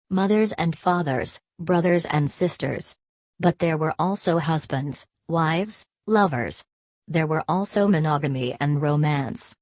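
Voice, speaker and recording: A woman narrating a novel as an audiobook in a measured, even reading. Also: low voice, no echo. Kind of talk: scripted narration.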